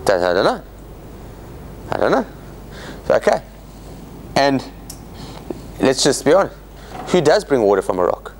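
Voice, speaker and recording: A man's voice: mid-range voice, sing-song, measured pace, long pauses, a little hiss or hum. A man teaching as a rabbi in an interactive class, questioning his listeners and acting out the quotes he reads.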